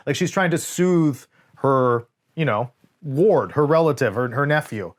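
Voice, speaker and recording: This podcast co-host has a medium-pitched voice and takes his time. Reviewing a movie casually, he's lively, profane, and quotes scenes in voices.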